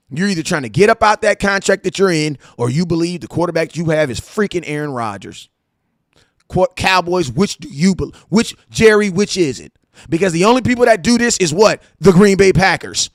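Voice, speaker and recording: A man hosting a casual sports fan show, talking in an animated, slangy way with stories and asides. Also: high voice, no room sound, studio quality. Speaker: sports podcast host.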